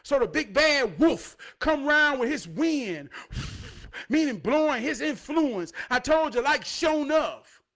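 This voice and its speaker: A man with a strikingly high-pitched voice delivers a streetwise motivational sermon. He repeats lines for effect, draws some words out, and swears freely as he builds to shouted points. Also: big pitch swings, takes it slowly. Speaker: motivational speaker. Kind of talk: preachy motivational monologue.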